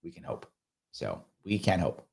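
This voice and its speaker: A man's voice: deep voice, big pitch swings, normal speed, gravelly, darkish tone. A man hosting a live ask-me-anything show, reading viewer comments aloud and answering them in an emphatic way, repeating phrases for emphasis and slipping into mocking voices. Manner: does mocking voices of opponents.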